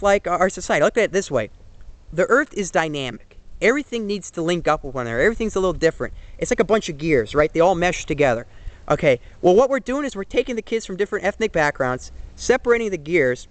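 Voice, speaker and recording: A man's voice: sits high, very animated, quick pace, dry recording. A young man in his twenties giving an earnest, rambling opinion monologue, full of fillers and restarts. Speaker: vlogger. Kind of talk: casual opinion monologue to camera.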